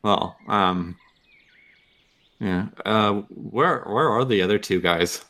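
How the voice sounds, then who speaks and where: A man playing a tabletop game, talking in a halting way full of fillers. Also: lowish voice, a bit bright. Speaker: player. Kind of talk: casual tabletop play.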